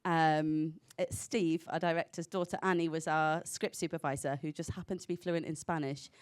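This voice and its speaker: Woman actor, lowish voice, animated, laughs a lot telling stories. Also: moderate pace, clean tone. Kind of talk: panel chat.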